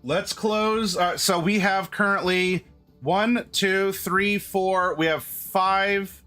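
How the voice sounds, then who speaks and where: A man's voice: high-pitched, steady tone, slow pace, pushed and bright, soft background music. A man hosting a live stream, chatting casually with his viewers and often restarting his sentences. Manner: chatty, restarts often, addresses chat directly. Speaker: streamer host.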